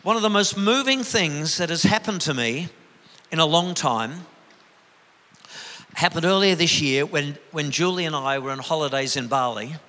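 An older man preaching a sermon as pastor, telling stories in a way that drops to a hush and builds to an emphatic rise. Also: on the high side, normal speed, big-room sound. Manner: emotive storytelling, swinging from hushed to rising emphatic.

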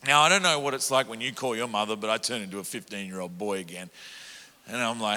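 Bright-voiced preacher in a hall. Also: male voice, mid-range voice, fairly quick. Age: middle-aged. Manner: animated, self-mocking, laughs often. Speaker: evangelist preacher. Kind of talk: storytelling sermon. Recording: echoey hall.

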